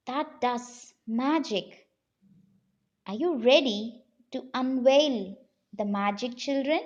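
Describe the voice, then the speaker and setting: A woman teaching an English lesson to children, speaking deliberately and reading a story aloud. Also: a little high, dull audio. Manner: slow, deliberate, addressing children.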